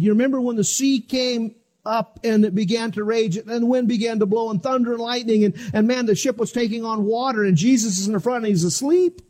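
A man's voice: extremely high pitch, a little fast, darkish tone. A middle-aged man preaching a sermon as pastor, dramatic and acting out the voices of the people in his story. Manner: dramatic, acts out voices of the disciples.

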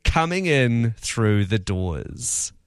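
A man's voice: medium pitch, sing-song, drawn-out words. A man co-hosting radio, laid-back, reading listener texts. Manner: laid-back, brief reactions. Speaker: radio host. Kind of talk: radio banter.

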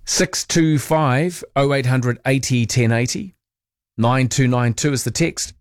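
A man's voice: medium pitch, steady tone, measured pace, no echo, clean studio sound. Chatty New radio host, man. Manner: chatty, self-deprecating, reads out listener texts. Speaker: overnight radio talk host. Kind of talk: casual late-night radio chat. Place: radio studio. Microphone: studio microphone.

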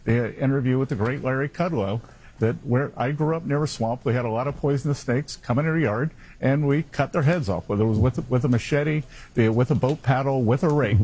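Husky man rambling in an archive clip. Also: medium pitch, brisk, a little mellow, low-quality recording. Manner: meandering, repeats himself. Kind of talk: recorded speech clip.

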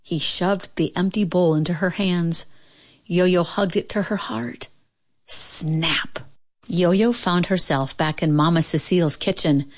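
A woman reads a children's storybook aloud, telling it with expression and a measured pace. Her voice sits a little low for a woman. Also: fairly even intonation. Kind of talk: storybook read-aloud narration.

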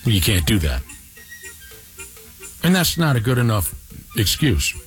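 A man's voice: fairly low pitch, sing-song, unhurried, faint music behind. A man hosting a radio show, telling an odd news story with sarcastic, mock-impressed banter.

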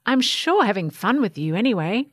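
A woman's voice: medium pitch, very animated, moderate pace, fairly bright tone, slightly rough, no echo, studio quality. A woman voicing a friendly, clumsy male coot bird who bubbles and stammers a little, in a storybook reading. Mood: cheerful. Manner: bubbly, hesitant, kindly.

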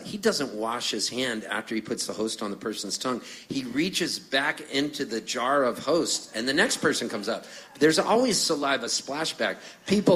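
A middle-aged man from Canada chats between songs on a stage. His storytelling is loose and joking, and he keeps slipping into the voices of the people he talks about. His voice sits at an ordinary middle pitch. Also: a bit bright. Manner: chatty, jokey, acts out voices in his stories. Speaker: singer-songwriter telling stories on stage.

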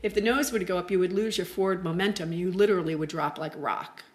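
A middle-aged woman telling a personal story as an interview guest, halting and chatty with many fillers and restarts. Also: on the low side.

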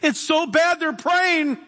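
A man preaching a sermon as pastor, animated, swinging from loud outbursts to hushed quiet. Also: extremely high pitch, big-room sound.

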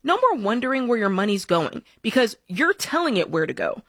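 A woman's voice: a little high, big pitch swings, a little fast, a bit bright, no echo, clean studio sound. A woman reading a radio ad in an upbeat, chatty, friendly way. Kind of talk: friendly conversational ad read.

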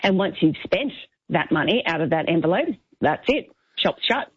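A woman's voice: on the low side, animated, normal speed, breathy edge, no echo, highs cut off. A woman, a guest on a radio show, explaining in a chatty way. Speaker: data insights director, guest. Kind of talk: radio interview.

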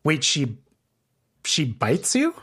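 Interviewer, mid pitch, inquisitive and probing, casual conversational delivery. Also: huge pitch swings, slow pace, fairly bright tone, breathy edge. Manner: curious, probing follow-up questions.

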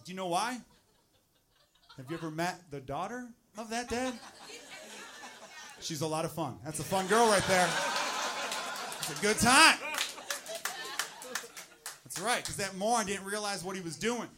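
High-voiced man teasing a comedy crowd. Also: lively intonation, measured pace, pauses often. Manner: conversational, crowd-teasing delivery. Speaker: stand-up comedian. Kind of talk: stand-up comedy set. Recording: live club recording with audience noise.

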